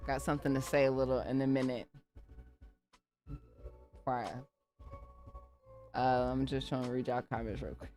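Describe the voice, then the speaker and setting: A woman's voice: a bass voice, a little slow, long pauses. A woman hosting a live music-production stream, chatting casually and talking straight to her viewers. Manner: animated and chatty, addressing viewers directly. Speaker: livestream host and beatmaker. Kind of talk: casual livestream chat.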